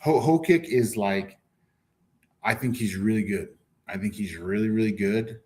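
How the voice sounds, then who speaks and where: A man co-hosting a combat sports podcast, chatting casually in a relaxed, agreeable way and laughing as he talks. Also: fairly low pitch, a little slow. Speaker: podcast co-host.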